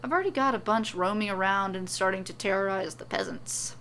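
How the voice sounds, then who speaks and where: A woman's voice: medium pitch, fairly quick, fairly bright tone, slight background noise, natural voice. A woman voicing a flippant young female necromancer who talks in a casual, teasing way. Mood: breezy.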